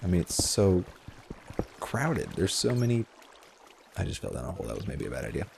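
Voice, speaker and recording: Male gamer host, deep and lively in pitch, filler-heavy, self-deprecating, recorded over a noisy mic. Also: brisk, creaky. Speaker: Minecraft video host. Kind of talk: casual storytelling while playing a game.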